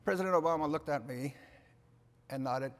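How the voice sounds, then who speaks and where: An older man giving an animated keynote speech, emphatic, often checking in with the audience. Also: a little high, moderate pace. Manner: emphatic, repeats "okay?" to the audience. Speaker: keynote speaker. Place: conference hall. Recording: reverberant hall sound.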